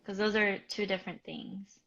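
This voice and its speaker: A woman's voice: medium pitch, steady tone, normal speed, gravelly, fairly bright tone, dull audio. A woman co-hosting a casual live-stream chat, answering viewer questions in a chatty way full of fillers. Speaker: co-host.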